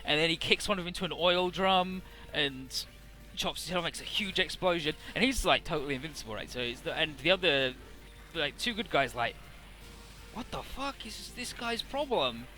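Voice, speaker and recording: A man's voice: a little high, brisk, bright, forceful tone, faint music behind. A man hosting a let's play, summarizing the story in a rambling, profane and casual way. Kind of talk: casual game commentary.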